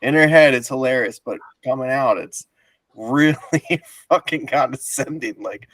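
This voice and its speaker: A man's voice: mid-range voice, a little slow, fairly bright tone, husky, dry recording. A man hosting a casual podcast, telling a long rambling story with laughs and swearing. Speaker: podcast host.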